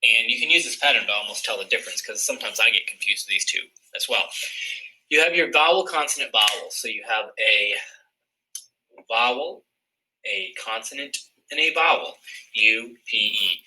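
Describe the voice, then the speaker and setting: Bright-voiced man teaching phonics. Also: lowish voice, expressive, moderate pace, low-quality recording. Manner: clear, step-by-step explaining. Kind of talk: recorded phonics lesson.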